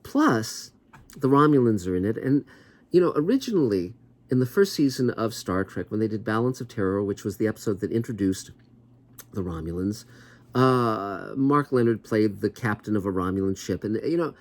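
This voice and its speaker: Male host, low-ish voice, conversational and digressive, skeptical asides. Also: animated, normal speed. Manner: rambling, conversational, many asides; skeptical, wry. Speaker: TV writer and show host. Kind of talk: casual commentary to camera.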